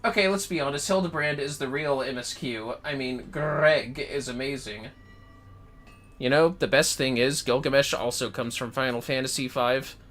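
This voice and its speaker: A man talks casually into his desk mic while streaming a game, swearing freely and answering chat. His voice is bright and forceful at a middle pitch, and faint game music plays underneath. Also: normal speed. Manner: chatty, swears freely, reads chat aloud. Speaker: livestreamer. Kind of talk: casual gameplay commentary.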